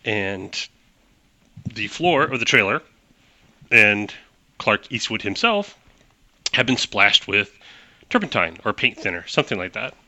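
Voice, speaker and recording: A man narrating as game master of a tabletop game, talking in animated quick bursts with restarts. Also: on the low side, dry recording.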